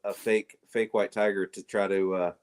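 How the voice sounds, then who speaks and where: A man's voice: fairly low pitch, little pitch movement, moderate pace, darkish tone. A man guesting on a casual reaction chat, hesitant and repeating words as he thinks.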